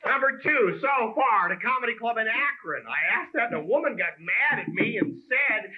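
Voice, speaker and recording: High, lively man doing stand-up. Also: moderate pace, few pauses, noisy background. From Pennsylvania. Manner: conversational, teasing the crowd, punchy delivery. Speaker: stand-up comedian. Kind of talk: stand-up comedy set. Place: comedy club stage. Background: audience laughter.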